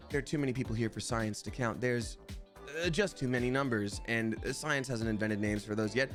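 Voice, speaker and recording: A man's voice: mid-range voice, expressive, a little fast, fairly bright tone, faint music behind. A man streaming live, chatting casually in a playful, rambling way and reading viewers' names aloud. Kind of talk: casual livestream chat.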